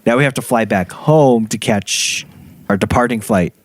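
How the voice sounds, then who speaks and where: A man's voice: medium pitch, moderate pace, a little hiss or hum. A man co-hosting a podcast in casual, joking chat. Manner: animated, joking. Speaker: podcast co-host.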